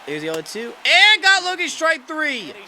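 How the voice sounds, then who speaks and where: A young man commentating his own baseball video game, excitable, yelling when upset and dropping to a low muttering tone when calm. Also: unhurried. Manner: excitable, yells in frustration then drops to a low muttering tone. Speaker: gaming YouTuber.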